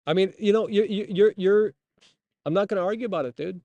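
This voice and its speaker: Man, streamer host, casual rant, profane and blunt, slightly high voice, dry close sound. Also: brisk, dark tone, no echo, lo-fi sound. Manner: restarts and repeats words often.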